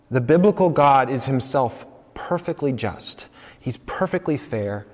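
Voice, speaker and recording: A man from the United States preaching a sermon in a conversational, animated way. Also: medium pitch, normal speed, long reverb tail. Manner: conversational and animated, acting out quoted voices. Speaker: pastor.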